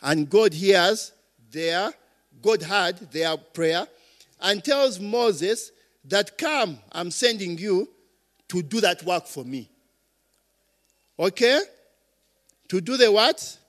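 Male preacher, high voice, slow deliberate delivery, call-and-response, reverberant hall. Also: lively intonation. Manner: call-and-response questions, swinging loud to soft. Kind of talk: sermon.

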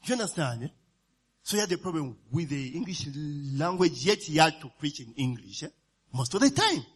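A man's voice: a little high, sing-song, brisk, slightly rough. A man preaching a sermon, forever asking "you understand?" and "eh?" and laughing between points. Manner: call-and-response asides, often asks "you understand?" and "eh?", laughs while preaching.

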